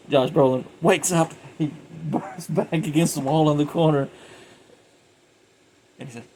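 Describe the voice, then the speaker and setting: A man's voice: a little high, a little mellow, a little hiss or hum, low-quality recording. A man giving a casual, rambling film review, retelling scenes animatedly and often laughing.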